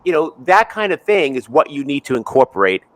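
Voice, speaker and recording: A middle-aged man chatting casually as a guest, animated, often tagging his points with a quick "right?". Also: a little high, no echo. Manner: animated, ends many remarks with "right?". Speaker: co-host guest. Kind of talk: casual conversation.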